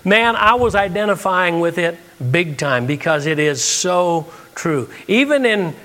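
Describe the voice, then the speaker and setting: A man's voice: high voice, animated, unhurried, fairly bright tone, in a large hall. A man preaching a sermon from the United States, telling a story and acting out the dialogue.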